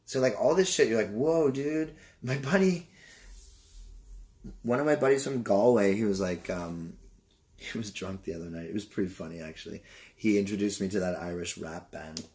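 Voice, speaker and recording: A man's voice: fairly low pitch, normal speed, a little mellow. A young man from Canada opening boxes in a casual vlog, rambling and swearing and getting sidetracked. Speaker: vlogger.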